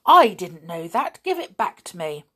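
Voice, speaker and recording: A woman voicing a stern, bad-tempered male schoolmaster in a storybook reading, blustering and shouting indignantly. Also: medium pitch, big pitch swings, a little slow, full character voice. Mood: astonished.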